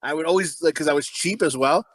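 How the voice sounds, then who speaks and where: A man's voice: a little high, quick pace, dry recording. A middle-aged man co-hosting a podcast, rambling through profane anecdotes with laughing asides. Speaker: podcast co-host. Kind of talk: crude casual podcast banter.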